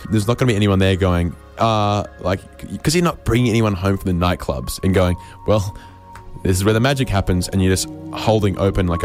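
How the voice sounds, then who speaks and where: Low-voiced Australian man rambling comically. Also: darkish tone. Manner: rambling absurd monologue, stammering restarts. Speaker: radio comedy host. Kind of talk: comedic radio banter.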